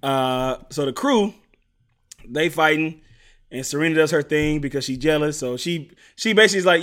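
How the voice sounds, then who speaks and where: A man casually recapping a TV episode with a co-host, acting out the characters' lines in animated bursts. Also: fairly high pitch, moderate pace. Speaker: podcast co-host recapping a TV show. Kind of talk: casual chat.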